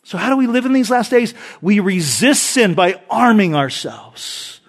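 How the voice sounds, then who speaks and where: A middle-aged pastor with a fairly high voice delivers a sermon from the pulpit. He moves between reading scripture and telling light, joking stories, keeping the congregation engaged. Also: measured pace. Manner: animated storytelling with jokes and scripture reading.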